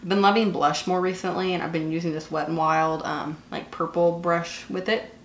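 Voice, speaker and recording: A woman's voice: on the low side, fairly even intonation, normal speed, slight background noise. A woman in her twenties with a Southern US accent, chatting casually and gushing while doing her makeup, with lots of fillers. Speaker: beauty vlogger. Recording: echoey room.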